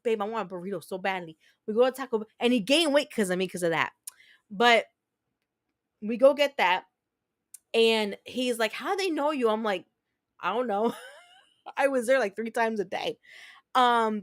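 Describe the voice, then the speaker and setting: A woman's voice: fairly high pitch, no room sound. A woman in her thirties from New Jersey, a game streamer telling rambling stories in casual chat, close to her mic. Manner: rambling, chatty storytelling with many restarts. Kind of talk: casual chat while gaming.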